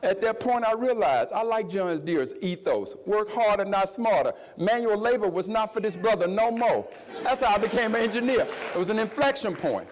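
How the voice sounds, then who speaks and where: A middle-aged man from Mississippi, giving an impassioned keynote speech, preacher-like, swinging from shouts to low confiding tones. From Jackson, Mississippi, US. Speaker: keynote speaker.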